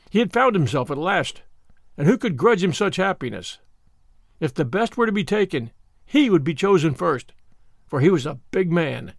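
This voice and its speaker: A man narrating a novel in the first person, measured and earnest. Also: on the high side, no echo, studio quality. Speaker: audiobook narrator. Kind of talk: scripted narration.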